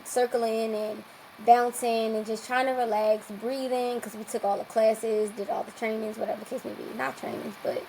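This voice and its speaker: A young woman, a podcast guest, telling a long personal story in a lively, casual way and acting out what people said. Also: fairly high pitch, moderate pace, vocal fry, slight background noise, rough recording. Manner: lively, acts out quoted dialogue.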